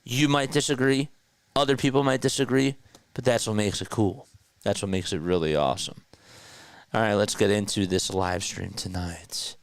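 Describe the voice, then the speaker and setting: Male livestream host, casual chatty delivery, reads comments aloud, lower pitch, clean smooth voice, dry close sound. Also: moderate pace, dry recording. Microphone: podcast mixer setup.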